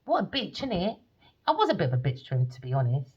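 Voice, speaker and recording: A woman's voice: lowish voice, fast, slightly rough, dull audio. Blunt, sweary woman. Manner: blunt, swears freely, animated. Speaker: tarot reader. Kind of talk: casual storytelling monologue.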